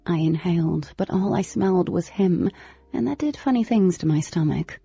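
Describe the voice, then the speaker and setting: A woman narrates a first-person novel with lively, animated delivery. Her voice is mellow, husky and gravelly. The recording is slightly lo-fi, with faint music in the background. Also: sits low, moderate pace, dry recording. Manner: expressive, animated storytelling. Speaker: audiobook narrator.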